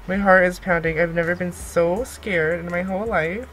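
Excitable young woman playing a game. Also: on the low side, brisk, noisy background. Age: young adult. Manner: excitable, gasps and squeals, pleads with the game. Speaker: gaming YouTuber. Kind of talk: let's-play commentary.

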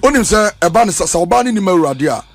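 Earnest high-voiced Ghanaian man. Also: animated, fast. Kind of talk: church talk show discussion.

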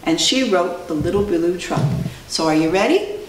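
Lively sing-song preschool teacher. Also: female voice, lowish voice, moderate pace, a little hiss or hum. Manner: animated, sing-song, asks children questions. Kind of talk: reading a picture book to children. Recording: echoey room, distant mic.

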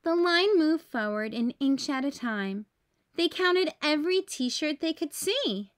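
A woman teacher reading a children's storybook aloud, clear and expressive. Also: high voice, measured pace.

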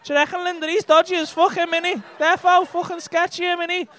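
Cheeky high-pitched Liverpool comedian. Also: male voice, little pitch movement, quick pace, a bit bright. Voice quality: brash, sweary banter, teasing the crowd. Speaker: stand-up comedian. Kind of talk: stand-up crowd work. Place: comedy club stage.

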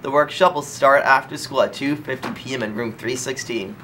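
A man's voice: medium pitch, fairly quick, pushed and bright, slight background noise. A man reading school morning announcements over the intercom, stressing key words emphatically.

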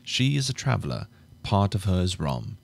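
A man narrating an audiobook live in a measured way, going back over flubbed lines. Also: deep voice, very animated, gravelly.

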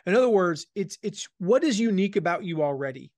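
A man's voice: high voice, brisk, dry recording, clean studio sound. Emphatic man explaining steps, slight Southern twang. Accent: slight Southern American, faded by Midwest years. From American South. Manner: energetic, emphatic, repeats key phrases. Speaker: guest author. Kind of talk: conversational interview.

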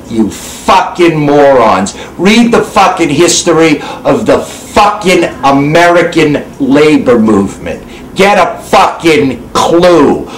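A man delivering an angry, profane political rant with constant swearing and loud bursts. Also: fairly high pitch, echoey room, a little hiss or hum, rough recording. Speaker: actor ranting on camera.

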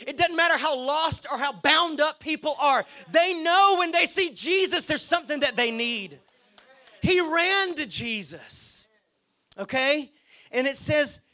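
A man preaching a lively sermon as pastor, often checking in with the congregation. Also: very high-pitched. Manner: lively, chatty, asks the crowd okay and right.

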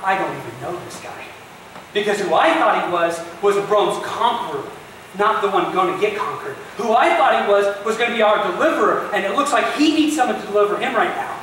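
A man's voice: on the high side, moderate pace, pushed and bright, a little hiss or hum, voice pushed down. A man voicing the disciple Peter as a panicked, disillusioned man, in a very echoey room from a distant mic. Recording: very echoey distant church recording.

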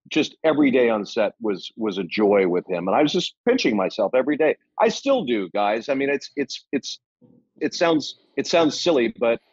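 Animated middle-aged man telling stories. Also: medium pitch, dry recording, highs cut off. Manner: animated, swears casually, many restarts. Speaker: guest actor. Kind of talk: casual anecdotal storytelling.

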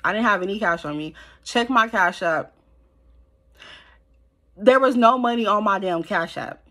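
A woman telling a storytime to her viewers, animated and blunt, swearing freely, sitting close to the camera at home. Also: medium pitch, a little slow. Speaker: storytime vlogger. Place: at home in front of a ring light. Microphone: camera held close.

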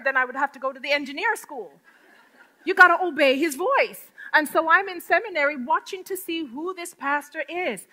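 A middle-aged woman giving a lively spoken testimony, storytelling with acted-out quotes. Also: high voice. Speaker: testimony speaker.

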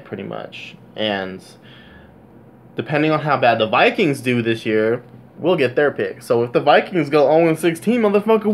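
A young man ranting into the camera about his football team, his voice sitting at an ordinary middle pitch. He swears constantly and keeps flaring up into loud, high-pitched outbursts before dropping back to a muttered grumble. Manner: swearing, exasperated rant with sudden loud outbursts. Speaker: sports vlogger. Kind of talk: casual sports rant.

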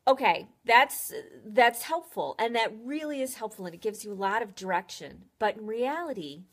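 A woman hosting a casual live stream, giving earnest advice on stress and greeting viewers by name as she talks. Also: mid-range voice. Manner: chatty, greets viewers by name mid-sentence; earnest, coaching tone.

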